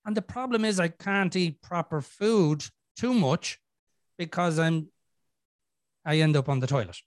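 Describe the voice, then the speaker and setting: A man's voice: fairly high pitch, unhurried, dry recording, studio quality. A middle-aged Irish man hosting a podcast, telling a story in casual chat, swearing a lot and acting out his inner voices. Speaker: podcast host.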